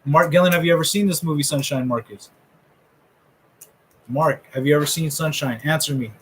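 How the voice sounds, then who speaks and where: A man's voice: on the high side, moderate pace, slightly rough, poor audio. A middle-aged man hosting a live fantasy football draft order reveal, rambling and joking with friends. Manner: joking, rambling trash talk. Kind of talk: casual live commentary.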